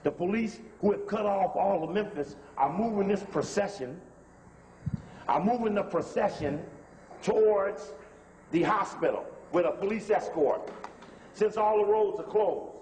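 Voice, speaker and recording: A man's voice: high-pitched, darkish tone, in a large hall, slight background noise. A man lecturing over video footage in a conversational, emphatic way, often calling to stop the tape. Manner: conversational, emphatic, repeats instructions to pause the tape.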